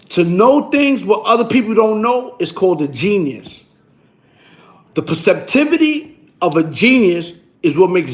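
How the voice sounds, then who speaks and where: New guy, kinda high voice, animated slangy storytelling, keeps repeating himself. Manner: slang-heavy, repetitive, boastful. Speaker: vlogger telling a story.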